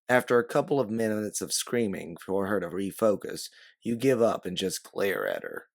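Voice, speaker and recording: A man narrating an audiobook in second person with a steady, descriptive delivery. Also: lowish voice, moderate pace, vocal fry.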